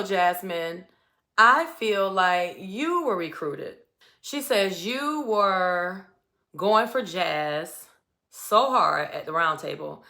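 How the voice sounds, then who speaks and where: A bright-voiced woman recaps a reality competition episode in a casual, chatty way. She talks with sass, acting out what the contestants said and firing off her own opinions. Her tone is lively and expressive. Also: mid-range voice. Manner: animated, sassy, acts out quotes with attitude.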